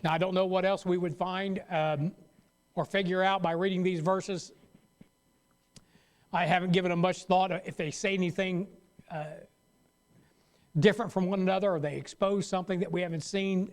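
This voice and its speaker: A man's voice: high-pitched, steady tone, a little slow, pauses often. A man pastor teaching a Sunday school Bible lesson in a loose, conversational way, often stopping mid-sentence to restart.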